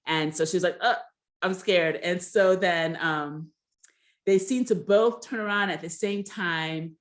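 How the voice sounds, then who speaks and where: Low-voiced woman gossiping about reality TV. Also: a little slow. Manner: rambling, many fillers like "um" and "you know"; gossipy, opinionated commentary. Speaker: reality TV recap host. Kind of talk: casual chatty recap.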